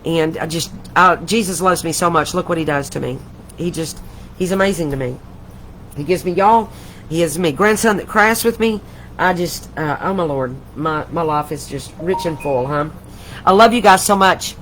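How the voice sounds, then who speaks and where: A woman's voice: deep voice, normal speed, fairly bright tone, a little hiss or hum, poor audio. Chatty older woman crafting live. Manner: chatty, rambling, gushing with affection. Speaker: craft livestream host. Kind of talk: casual live craft chat.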